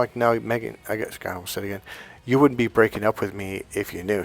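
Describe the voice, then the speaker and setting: Middle-aged guy telling his own story, swears a lot, loud then quiet, dry close sound. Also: fast, dry recording. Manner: animated, swings from loud bursts to low quiet asides, swears freely. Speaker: dating coach. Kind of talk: personal storytelling to viewers.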